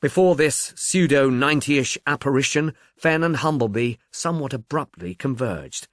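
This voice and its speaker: A man reading a novel aloud in a wry, measured storytelling voice. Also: mid-range voice, animated, no room sound, studio quality. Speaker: audiobook narrator. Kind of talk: scripted narration.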